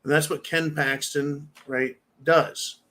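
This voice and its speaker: A man's voice: a little high, little pitch movement, slow pace, a bit bright. Blunt, fired-up man hosting a monologue. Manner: blunt, fired-up, swears, addresses viewers as folks. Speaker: prepper channel host. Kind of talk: opinionated monologue.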